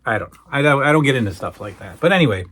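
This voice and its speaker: Guy with a husky voice doing a loose solo recap, voice jumps all over the place as he tells it. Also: mid-range voice, very fast. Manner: animated storytelling, acting out quoted lines. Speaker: podcast host reviewing old wrestling shows.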